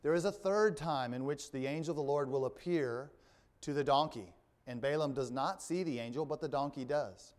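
A male pastor preaching a sermon, reading scripture aloud and explaining it, with wry asides. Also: medium pitch.

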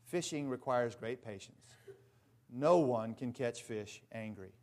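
A man's voice: medium pitch, expressive, unhurried, darkish tone. A male pastor preaching a sermon earnestly and with emphasis, mixing in folksy asides.

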